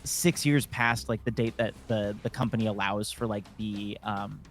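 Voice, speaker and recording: A man's voice: lowish voice, steady tone, moderate pace, faint music behind. A man chatting casually on a gaming stream, telling a long work story full of swearing and fillers. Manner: rambling storyteller, swears a lot, many fillers.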